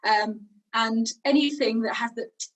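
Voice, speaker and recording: A woman's voice: on the high side, normal speed, far from the mic, rough recording. A young woman teaching singing, chatty and encouraging, demonstrating each sound. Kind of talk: online vocal warm-up lesson.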